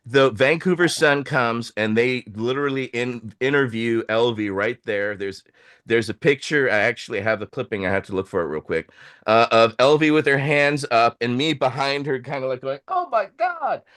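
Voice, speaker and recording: A man hosting a show, telling a long story in a casual, animated way, acting out the voices of people he quotes. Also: mid-range voice, moderate pace, clean tone. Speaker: host.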